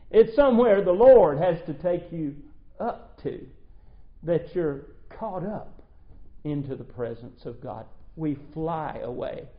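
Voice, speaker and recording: A man preaching a sermon, reading scripture and speaking earnestly, his volume swelling and dropping. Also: a little high. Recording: dull lo-fi recording.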